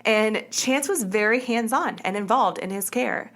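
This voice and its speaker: A woman's voice: on the high side, a little slow, a bit bright. A woman hosting a podcast, telling a true crime story in a casual, chatty way. She often corrects herself mid-sentence. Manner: chatty, self-correcting, uses "like" and "kinda". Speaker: podcast host.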